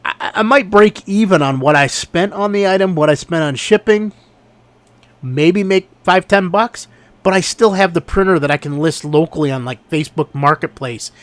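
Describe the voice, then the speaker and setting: A man telling a story in a casual vlog, exasperated and animated as he recounts what happened. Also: sits high, moderate pace, no echo. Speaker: online reseller.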